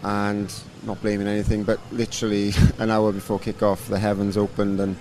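A man in his thirties, a rugby coach, answering interview questions in a relaxed, rambling way with lots of fillers. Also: fairly low pitch, a little fast, slight background noise. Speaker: rugby coach and former player.

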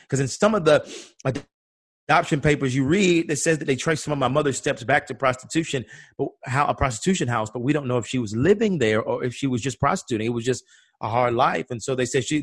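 A man's voice: medium pitch, fairly quick, a bit bright, breathy edge, no echo, studio quality. A man from Atlanta telling a personal story in conversation, acting out the voices of the people he quotes. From Atlanta, USA. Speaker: guest.

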